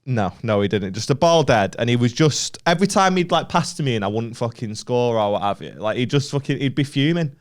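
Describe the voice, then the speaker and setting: A man's voice: mid-range voice, animated, a little fast, hardly any pauses. A young man with a Northern English accent, co-hosting a comedy podcast and telling a sarcastic, sweary story in casual chat. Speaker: podcast co-host.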